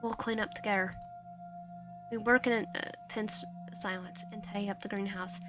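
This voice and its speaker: A woman's voice: mid-range voice, steady tone, moderate pace, over music. A woman streamer reading a visual novel aloud, narration and player lines, often stumbling and restarting. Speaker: game streamer.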